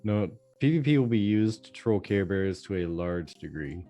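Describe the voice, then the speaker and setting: A man co-hosting a casual gaming podcast, telling animated stories at length. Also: sits low, soft background music. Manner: animated storyteller, drawn-out explanations. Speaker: podcast co-host.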